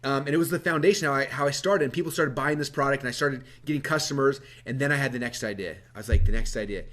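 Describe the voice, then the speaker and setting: A man telling an energetic, animated story from a stage, acting out his past self and laughing often. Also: mid-range voice, fast. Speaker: speaker.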